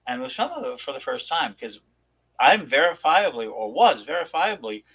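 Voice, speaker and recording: A man on a talk show telling a long personal story in a rambling, animated way, with many restarts. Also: mid-range voice, normal speed, husky, dull audio. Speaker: podcast co-host. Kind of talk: casual storytelling chat.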